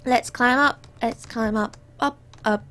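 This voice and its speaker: A young woman chatting her way through a game, bubbly and easily sidetracked, with a voice that sits a bit high. She sounds slightly under the weather and keeps apologizing as she plays. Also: steady tone, slow pace, pushed and bright. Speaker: gamer. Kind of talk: let's play commentary.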